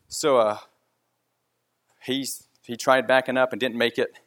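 A man's voice: medium pitch, steady tone, normal speed, long pauses, fairly bright tone. Man telling a rambling work story. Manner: rambling, with frequent restarts. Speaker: concrete crew leader. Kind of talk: casual spoken storytelling.

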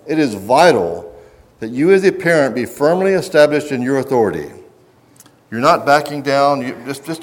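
A man's voice: mid-range voice, darkish tone. A middle-aged man preaching a sermon in an earnest manner, often restarting his sentences and reading passages aloud from a book. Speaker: pastor.

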